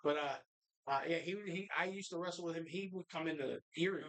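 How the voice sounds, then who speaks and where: Profane, animated male podcast co-host. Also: on the high side, a little fast. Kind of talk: casual bar chat. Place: bar, live show.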